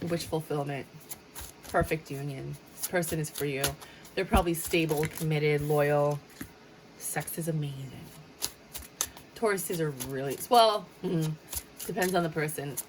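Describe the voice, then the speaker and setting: A woman's voice: low voice, unhurried, pauses often, noisy background. A woman giving a casual tarot reading, chatty and dramatic, sometimes slipping into a sing-song tone. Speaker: tarot reader.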